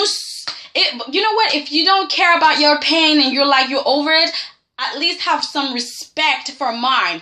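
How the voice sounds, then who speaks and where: A woman talks through a soap opera episode in casual chat. She is emphatic and sassy and keeps tagging her points with a quick "okay?". Her voice sits a little high and sounds bright and forceful. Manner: sassy and emphatic, often tags lines with "okay?".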